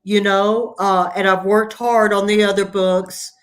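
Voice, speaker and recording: A woman author as a guest on a live video chat, telling family stories in a warm, storytelling way, heard over a video call. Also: mid-range voice, level tone, measured pace. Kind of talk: casual interview conversation.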